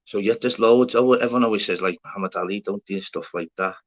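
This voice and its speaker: Talking fast in a lowish voice, a middle-aged Scouse livestream host chats casually, swearing freely and calling his viewers mate and fella. The recording has a slightly dull lo-fi quality.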